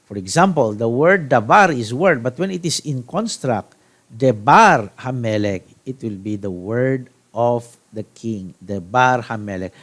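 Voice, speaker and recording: A man from the Philippines teaching a Hebrew grammar lesson, deliberate, checking in with "okay?" and restarting phrases. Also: medium pitch, animated. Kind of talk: classroom grammar lecture.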